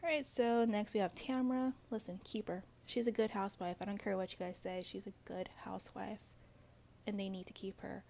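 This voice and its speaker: A woman's voice: medium pitch, fairly even intonation, fairly quick, gravelly, darkish tone. A woman hosting a casual commentary video, talking straight to viewers in a blunt, gossipy way, swearing freely and filling her talk with ums and asides. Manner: chatty with frequent fillers and asides. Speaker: reality TV commentary host.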